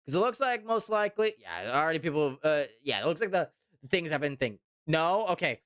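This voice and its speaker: Young man, from Canada, casual streamer chat, slightly high voice, dry mic. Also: big pitch swings, brisk, fairly bright tone, clear, resonant tone, dry recording. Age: 20s. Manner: rambling, repeats himself, reads chat aloud.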